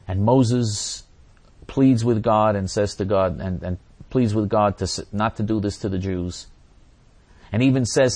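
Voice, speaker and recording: Guy preaching hard, lowish voice, keeps repeating himself for emphasis. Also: normal speed, no echo. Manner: intense, repeats phrases, quotes voices dramatically. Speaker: religious teacher answering viewers. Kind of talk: impassioned religious teaching.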